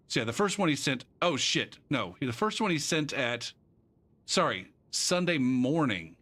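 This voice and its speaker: A man's voice: medium pitch, very animated, unhurried, sharp tone. A college instructor, a man, ranting casually and profanely with rambling asides. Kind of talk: casual rant to camera.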